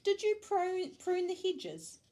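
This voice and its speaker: A woman with a New Zealand accent voicing an excitable mother of four in a storybook read-aloud, in a shrill, high voice. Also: takes it slowly, full character voice. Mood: excited.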